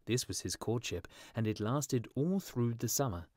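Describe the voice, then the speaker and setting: A man narrating a storybook for English learners with a clear, measured reading. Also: mid-range voice, lively intonation, darkish tone, no echo, clean studio sound. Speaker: audiobook narrator.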